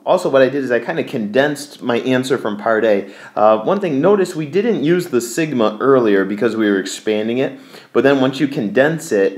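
A man teaching a calculus exam review in a relaxed, conversational way, with fillers. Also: lowish voice. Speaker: math teacher.

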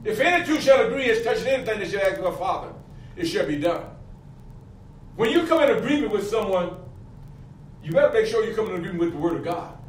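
Pastor, middle-aged man, high voice, fervent preaching style, recorded at a distance in a church. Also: expressive, quick pace, pauses often. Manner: fervent preaching with call-and-response questions. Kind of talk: sermon. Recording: echoey, from a distance, faint room noise.

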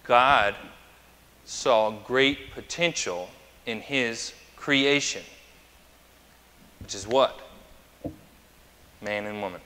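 A man's voice: mid-range voice, very slow, pauses often, bright, forceful tone. A male pastor preaching a conversational sermon, chatty and anecdotal, who asks the congregation questions. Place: church sanctuary. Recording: long church reverb.

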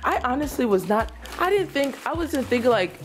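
A woman's voice: high-pitched, big pitch swings, brisk, over music. A woman vlogger opening housewarming gifts in casual chat, gushing and exclaiming often.

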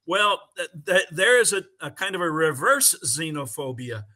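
A middle-aged man, speaking over a video call as a conference panelist. His voice sounds slightly high and very bright. He talks haltingly, with many fillers, but he stays eager and enthusiastic. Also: very animated. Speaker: conference panelist and English teacher. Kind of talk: conversational answer on a video call.

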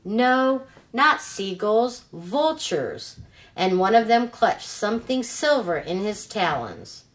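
A woman reading a children's novel aloud as a storyteller, in a slow, deliberate telling. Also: mid-range voice, very animated.

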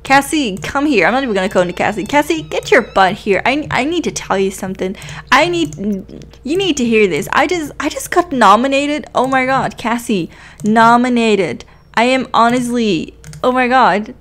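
A woman voicing a supremely confident young female game character, loud and boastful. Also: mid-range voice, animated, moderate pace, lightly acted. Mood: excited.

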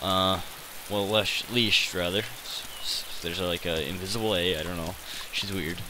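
A man talks over his gameplay in a rambling, hesitant way, full of fillers and self-deprecating asides. His voice sits low. Steady rain noise from the game hisses clearly behind him. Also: unhurried, poor audio. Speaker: gaming channel host.

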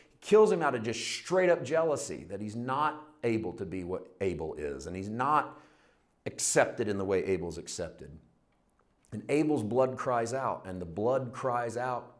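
A man preaching a Bible study in a folksy, conversational style that leans on rhetorical questions. His delivery swings hard between loud, punchy emphasis and quiet, low asides. His voice sits at a middle pitch. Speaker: Bible teacher. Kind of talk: sermon.

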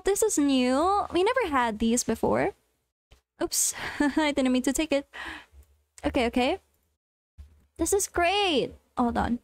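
A young woman streaming a farming game, chatting casually with her viewers and squealing with excitement. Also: sits high, dry recording.

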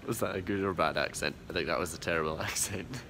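A man's voice: sits low, fast talker, gravelly, noisy background. A young man vlogging casually from an airport, chatty and rambling with lots of fillers and restarts. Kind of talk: casual travel vlog. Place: airport departure area, indoors.

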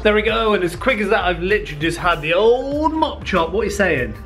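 Lively, high-voiced young man. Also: brisk, faint music behind. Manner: upbeat, playful, chatty. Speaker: vlogger. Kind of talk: casual vlog chat. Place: outdoors on a hillside walking a dog. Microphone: handheld camera.

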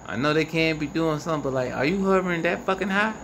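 A man filming the night sky on his phone outdoors, giving excited and profane running commentary to his viewers. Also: fairly high pitch, fast talker. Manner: animated, profane, incredulous, talks to viewers. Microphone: phone camera. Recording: noisy outdoor phone recording. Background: crickets and insects, passing vehicles.

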